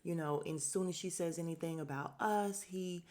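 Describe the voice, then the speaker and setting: A woman's voice: on the low side, a little mellow. Blunt, opinionated woman recapping a show. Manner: blunt, opinionated, swears freely; acts out cast members' lines in quick asides. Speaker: podcast host. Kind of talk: casual reality-show recap.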